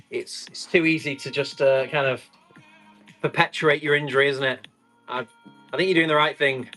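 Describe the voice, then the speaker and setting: Bright-voiced chatty man selling tools. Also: medium pitch. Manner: chatty and rambling, joking with the chat. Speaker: live online tool auction seller. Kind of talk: casual live-stream chat.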